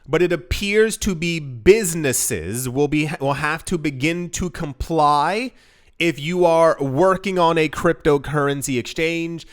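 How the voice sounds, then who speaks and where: A young man giving casual commentary to camera, rambling with many restarts and incredulous asides. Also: fairly high pitch. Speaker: crypto commentator.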